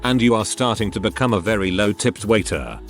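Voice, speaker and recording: A man's voice: lowish voice, a little fast. A man reading out internet stories as a scripted narration, in a matter-of-fact way. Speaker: narrator reading reddit posts. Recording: faint background music.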